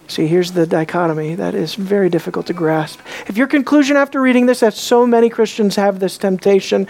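A woman preaching a sermon, emphatic and full of rhetorical questions, dropping to a hush on key words. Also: on the high side, moderate pace.

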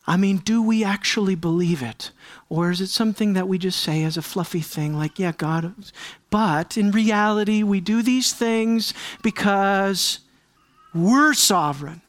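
A pastor preaching a sermon, firing rhetorical questions at the listeners and swinging from raised, high-pitched emphasis down to hushed, near-whispered lines. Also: measured pace, dry recording. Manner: fires rhetorical questions at the congregation.

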